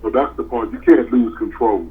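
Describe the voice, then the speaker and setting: A man's voice: medium pitch, normal speed. An older man with a grandson, co-hosting a podcast in folksy, plainspoken casual chat. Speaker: podcast co-host. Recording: tinny phone-like line.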